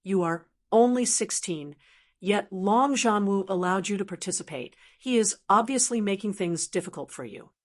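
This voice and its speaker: A woman's voice: medium pitch, lively intonation, normal speed, lightly acted. Worried young servant girl, earnest; woman narrator voices her. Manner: anxious, earnest.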